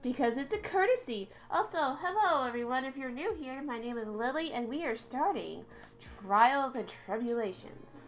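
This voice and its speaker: A woman's voice: sits high, lively intonation, normal speed, faint music behind. A woman streamer with a cold, chatting and joking casually as she plays through a game. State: has a cold.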